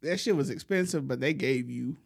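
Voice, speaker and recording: A man hosting a podcast, telling a long, profane story in a relaxed way and laughing often. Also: medium pitch, brisk, creaky, breathy edge. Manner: laid-back, profane, laughs often while telling stories. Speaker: podcast host. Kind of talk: casual storytelling chat.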